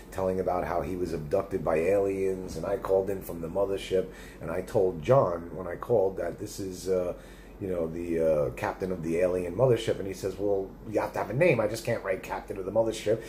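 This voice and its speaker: A man's voice: deep voice, mellow, slight background noise. A middle-aged man live streaming, rambling and swearing in casual chat as he reads viewer comments aloud. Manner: rambling and profane, with many restarts.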